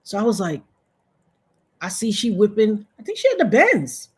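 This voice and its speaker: Husky-voiced woman telling a story. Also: moderate pace. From Trinidad. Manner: animated, acts out quoted voices with big pitch jumps. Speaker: interview guest. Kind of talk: storytelling in an interview. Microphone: video call.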